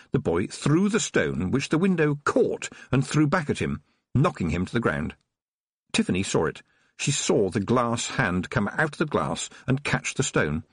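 A man narrating an audiobook in an expressive storytelling manner, recorded on a close studio mic. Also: lowish voice, normal speed, breathy edge, no room sound.

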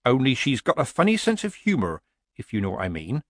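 A man's voice: mid-range voice, wildly swooping pitch, fairly quick, no echo, clean studio sound. A man voicing a chatty, shrewd older woman witch with a homely, blunt way of talking. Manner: homely, blunt, weakly apologetic.

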